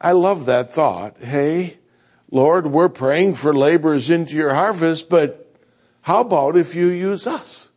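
A man preaching a sermon as a visiting preacher, folksy and animated, joking and mimicking other people's voices. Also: on the high side, a little slow. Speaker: guest preacher.

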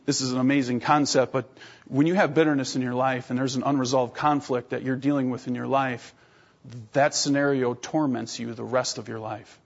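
A husky-voiced male pastor in his thirties preaching a sermon, animated and self-mocking as he tells stories, pausing to clear his throat. His pitch sits in an ordinary middle range. The recording sounds dull and lo-fi. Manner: animated storytelling with self-deprecating humor.

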